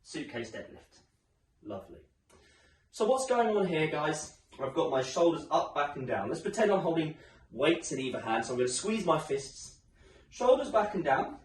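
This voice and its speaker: A man's voice: fairly high pitch, sing-song, moderate pace, slight background noise. A man leading a home workout class, upbeat and encouraging, a little out of breath as he goes. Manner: upbeat, encouraging, chatty coaching. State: slightly out of breath. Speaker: fitness instructor. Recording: echoey room, mic some distance away.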